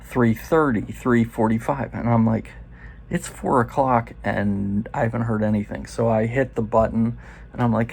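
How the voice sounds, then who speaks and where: A man's voice: mid-range voice, fairly even intonation, vocal fry, a little mellow, husky. A man in his forties telling a loose, profane story in a casual first-person way. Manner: loose and profane, quoting others in quick asides.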